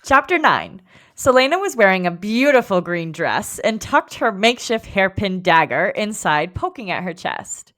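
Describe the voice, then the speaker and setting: A woman's voice: medium pitch, normal speed, no room sound. Woman book podcast cohost, bouncy up-and-down voice, laughs a lot, dry close sound. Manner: lively, laughs often. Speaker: podcast co-host. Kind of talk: casual book club chat.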